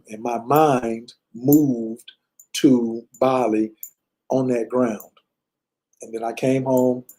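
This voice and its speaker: A man in his fifties tells his own story in a loose, rambling, conversational way, leaning on fillers as he goes. His voice is mellow and dark, and he speaks at a middling pitch. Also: low-quality recording. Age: 50s. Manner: loose, conversational, many fillers and "you know". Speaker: personal storyteller. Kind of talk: casual personal storytelling. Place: lives in Bali.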